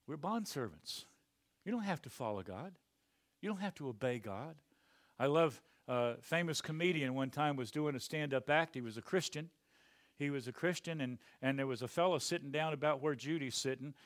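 A male pastor preaching a sermon emphatically, swinging from quiet to loud. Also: fairly high pitch, expressive, normal speed, no echo, clean studio sound.

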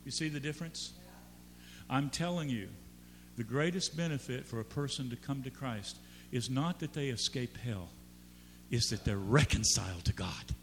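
A man's voice: medium pitch, normal speed, long reverb tail, a little hiss or hum. A man preaching a sermon as pastor. He talks conversationally and builds to emphatic peaks.

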